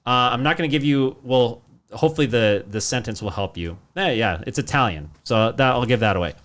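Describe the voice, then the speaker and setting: A man's voice: medium pitch, brisk. A man hosting a casual podcast from his basement, playfully quizzing his guest. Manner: playful quizzing, lively up-and-down delivery. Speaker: podcast host. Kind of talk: casual chat. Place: home basement.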